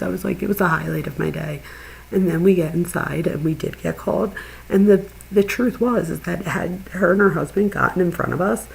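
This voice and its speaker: A middle-aged woman and channel host, chatting casually with viewers and telling an animated story, laughing as she goes. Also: on the low side, low-quality recording. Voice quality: gravelly, husky. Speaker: true crime channel host.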